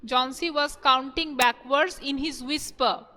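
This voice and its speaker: A woman teacher with an Indian English accent, slowly going over exam questions and repeating each one several times in an online class. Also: high-pitched, fairly even intonation, sharp tone, in a large hall.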